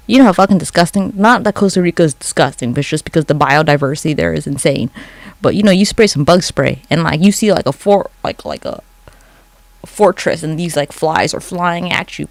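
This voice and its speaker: A gravelly, medium-pitched voice with no room sound. A livestreamer rambles into a phone from home late at night, swearing freely and answering chat.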